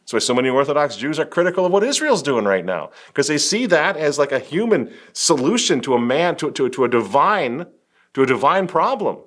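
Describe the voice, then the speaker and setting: A man's voice: on the high side, very animated, a little fast, a bit bright. A man hosting a religious political commentary, talking emphatically with biting sarcasm and wry laughs. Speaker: host.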